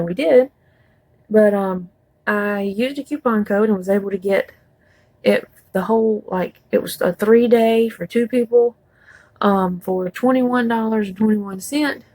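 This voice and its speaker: A woman's voice: mid-range voice, gravelly, a little mellow, dry recording, low-quality recording. A woman chatting casually through a makeup tutorial, rambling with folksy asides. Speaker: beauty vlogger.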